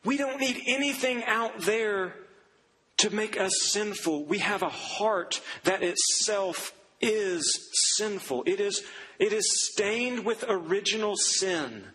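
A man preaching a sermon, telling a story and acting out the people in it, dropping low and slow for the grave lines. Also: bright, forceful tone, a little hiss or hum, low-quality recording. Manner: acts out quoted voices, drops low and slow for grave lines. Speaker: pastor.

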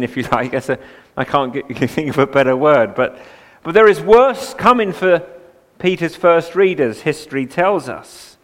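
A man's voice: on the high side, expressive, unhurried. A man preaching a sermon from the pulpit, shifting between chatty asides and emphatic, rising passages. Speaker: pastor. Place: church sanctuary, at the pulpit. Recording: long church hall reverb.

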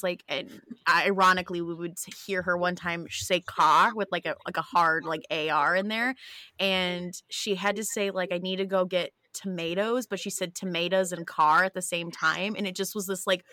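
A woman co-hosting a casual podcast interview, telling family stories in a quick, chatty way. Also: lowish voice, sharp tone, dry recording. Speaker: podcast co-host.

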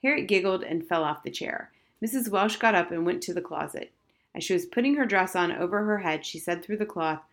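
A woman's voice: on the low side, normal speed. A woman narrating a children's novel as scripted narration. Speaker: audiobook narrator.

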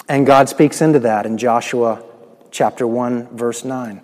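A man delivers a sermon at a medium pitch, his voice carrying a long reverb from a church sanctuary. He swings between ringing, emphatic proclamation and soft, intimate asides. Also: normal speed. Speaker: pastor.

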